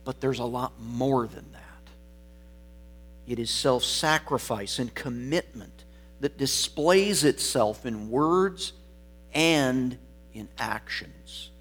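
A man preaching a sermon, deliberate and emphatic, stressing single words and letting phrase endings fall quiet. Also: medium pitch.

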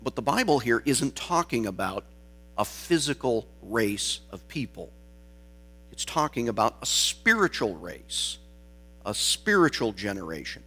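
A man delivers a sermon at an unhurried, measured pace, leaning on key words for emphasis. His voice sits at an ordinary pitch for a man. A faint electrical hum runs under the recording. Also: sing-song, bright, forceful tone, husky. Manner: slow, deliberate preaching with emphatic stresses. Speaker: pastor.

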